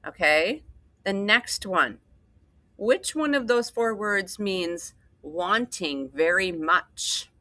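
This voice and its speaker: A woman teacher reading a story aloud and slowly explaining vocabulary words with patient repetition. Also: mid-range voice, animated, sharp tone, no room sound.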